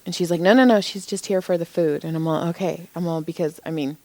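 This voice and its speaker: A woman's voice: lowish voice, fairly even intonation, fast talker, darkish tone, no room sound. A woman co-hosting a podcast, an indie author chatting in a frank, self-deprecating way with lots of laughs. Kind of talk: casual chat.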